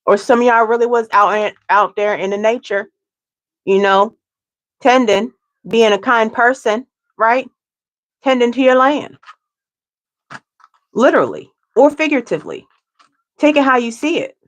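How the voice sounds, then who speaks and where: A woman's voice: a little high, expressive, unhurried, pauses often. Woman, tarot reader, casual, chatty, repeats herself. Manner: chatty, tags lines with "okay?", repeats herself. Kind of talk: casual tarot reading to viewers.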